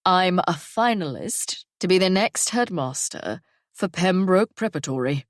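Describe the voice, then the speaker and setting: Lady narrator doing a goofy puffed-up dad, pleased with himself, audiobook, slow and dry. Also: lowish voice, lively intonation, dry recording. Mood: smug. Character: charming, self-important middle-aged father.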